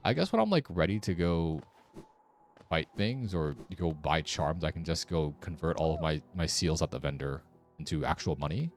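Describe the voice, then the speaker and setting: A man with a deep voice talks through a game in a casual, wry way, muttering sarcastic asides. His pitch swings about as he reacts. Faint game music plays behind him. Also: lively intonation, moderate pace. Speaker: streamer. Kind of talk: casual gameplay commentary.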